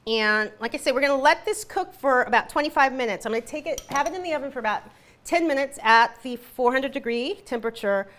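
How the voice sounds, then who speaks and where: A woman's voice: high-pitched, fast talker, a bit bright, slight background noise. A woman hosting a live cooking demonstration, chatty and giggly. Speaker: cooking show host.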